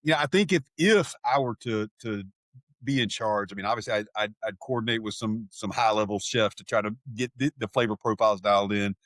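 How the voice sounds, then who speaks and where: A man's voice: lowish voice, brisk, fairly bright tone, no echo. A man co-hosting a podcast in casual chat, rambling and hesitant, with many restarts. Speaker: podcast co-host.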